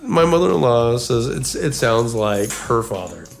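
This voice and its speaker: A man's voice: medium pitch, big pitch swings, moderate pace, creaky, faint music behind. A man co-hosting a casual podcast, telling a long story and often repeating words as he goes. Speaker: podcast co-host.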